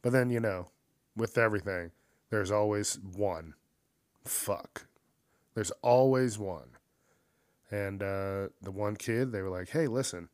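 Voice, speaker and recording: A man's voice: on the low side, a little slow, no room sound, clean studio sound. A man hosting a casual commentary show, retelling news stories in a heated, profane rant and acting out the people in them. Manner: heated, swears constantly, acts out quoted people.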